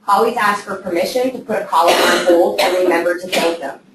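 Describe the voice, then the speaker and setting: A trainer for real estate assistants, a woman with a fairly low voice speaking a little fast, gives a casual talk to a live group. She is conversational and checks in often with "okay?", her voice distant in an echoey room with faint noise.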